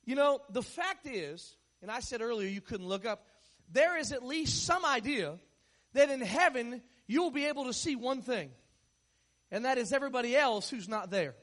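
A man with an unusually high voice for a man preaches in a loose, conversational style, weaving joking stories into his sermon. He speaks at a normal speed with lively intonation and a fairly bright tone.

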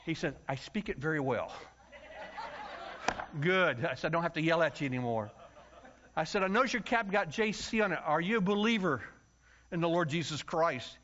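A man from the United States preaching a story-filled sermon, acting out voices and yelling for comic effect. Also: a little high, moderate pace, long pauses, a little hiss or hum. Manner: animated, acts out voices and yells for comic effect. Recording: dull lo-fi sound.

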